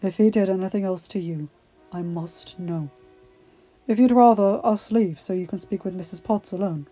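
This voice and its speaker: A calm village doctor, read by a woman narrator, speaking carefully and measured in a storybook. The sound is a bit dull, with faint music. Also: a little high, breathy edge, voice pushed up.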